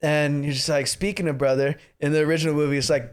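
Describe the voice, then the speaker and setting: Young male podcast co-host, profane and animated, slightly raised pitch, jumps into squeaky impressions. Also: fast, hardly any pauses. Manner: profane, animated, mimics characters in high voices. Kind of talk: casual movie review chat.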